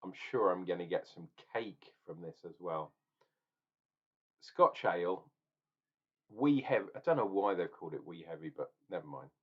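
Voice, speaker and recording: A man's voice: low-pitched, lively intonation, normal speed, pauses often, slightly rough, highs cut off. A man ranting and tasting beer in a casual review vlog, opinionated and swearing now and then.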